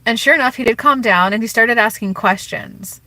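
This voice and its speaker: Bright, chatty woman coaching on a live stream. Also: on the high side, moderate pace, no room sound, poor audio. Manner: chatty, frequent "like" and "you know"; acts out quoted speech in changed voices. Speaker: relationship and spiritual coach. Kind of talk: casual live-stream advice.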